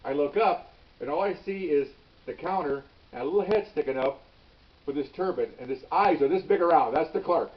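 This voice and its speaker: A man in his sixties, a retired police officer telling a story in an animated way, with many restarts and "okay?" tags. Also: on the high side, brisk. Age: 60s. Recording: dull, slightly distant recording.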